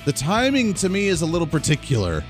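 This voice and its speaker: A man's voice: a little high, wildly swooping pitch, fast talker, soft background music. A man hosting a political talk radio show in a casual, sarcastic way, laughing at his own jokes.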